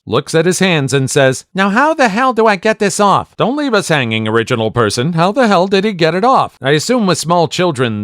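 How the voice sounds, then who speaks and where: Male story narrator, lively swooping pitch, dry close recording. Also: dry recording. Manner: animated, jumps between high and low for quoted lines. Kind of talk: reading internet stories aloud.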